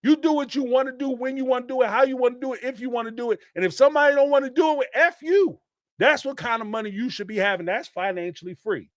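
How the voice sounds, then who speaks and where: A man, hosting a podcast and ranting in an animated, emphatic way, with some swearing and repeated phrases. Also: extremely high pitch, quick pace, dry recording, clean studio sound. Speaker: podcast host. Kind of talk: casual commentary rant.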